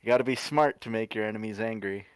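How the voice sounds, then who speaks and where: Laid-back punning lookout, played by a man, low voice, dry close recording. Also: fast, clean tone, no echo, lightly acted. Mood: joking. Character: easygoing, punning male lookout.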